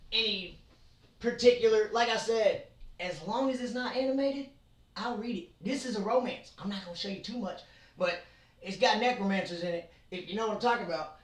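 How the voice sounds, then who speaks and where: Excitable host, rambling casual chat, mid pitch, roomy bedroom sound, distant mic. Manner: rambling and excitable, jokes and asides. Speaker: channel host. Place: own bedroom. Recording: roomy, from far off.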